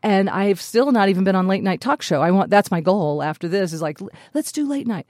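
A comedian woman in a radio studio interview, animated and playful, laughing often and shifting her voice for bits. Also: mid-range voice, fairly quick, no room sound. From Colorado. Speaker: comedian guest.

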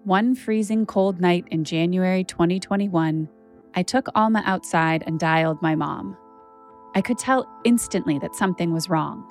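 A woman's voice: lowish voice, normal speed, soft background music. A woman hosting a podcast, telling a personal story in a candid, conversational way with lots of "like.". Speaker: podcast host and narrator.

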